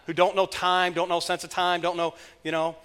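A male pastor delivers a conversational sermon, pressing his points by repeating them. His voice sits a little high. The room adds a long reverberant tail. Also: level tone, a little fast, fairly bright tone, clean tone. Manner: conversational, emphatic, repeats phrases. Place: church sanctuary.

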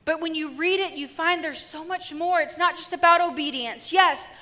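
A woman preacher delivering a sermon with lively, humorous storytelling. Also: very high voice, normal speed, big-room sound.

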